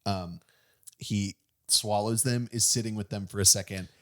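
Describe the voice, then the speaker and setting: Low-voiced man rambling through a recap. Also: moderate pace. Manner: excited rambling plot recap with many fillers. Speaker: movie review podcast host. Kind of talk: casual chat.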